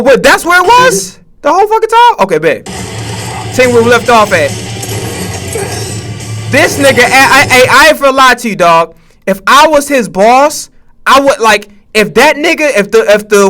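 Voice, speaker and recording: Male streamer, very high bright voice, profane stammering trash talk on a live reaction stream. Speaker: Twitch streamer.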